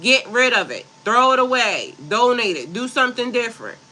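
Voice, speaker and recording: A woman with a piercingly bright, sharp voice, speaking as a spiritual coach on a casual livestream. She moves between reciting affirmations and blunt, cursing asides to her viewers. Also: on the high side, big pitch swings, moderate pace, rough recording. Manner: blunt and profane, switching between reading affirmations and loose asides.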